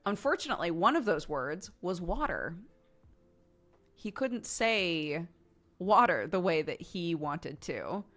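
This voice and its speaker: A woman's voice: fairly low pitch, sing-song, takes it slowly, a bit bright. An American woman in her thirties chatting casually with her stream chat, with lots of laughter and fillers like "um" and "like.". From United States.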